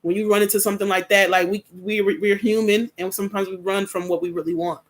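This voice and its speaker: A young adult woman giving a live tarot reading in a blunt, profane, slangy way, breaking into loud laughter often. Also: medium pitch, steady tone, fast. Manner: casual slangy talk. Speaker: tarot reader.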